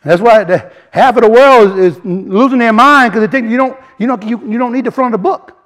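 A man teaching a sermon in a casual, animated way, often restarting phrases and building emphasis. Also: very high-pitched, brisk. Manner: animated, repeats and restarts, rising emphasis, colloquial grammar. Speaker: preacher. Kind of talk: sermon teaching from word studies.

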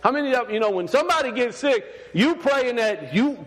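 A very high, slightly bright male voice preaches animatedly and a little fast. The sermon is conversational and loose, with fillers, restarts, and frequent questions to the congregation, set in a long hall reverb.

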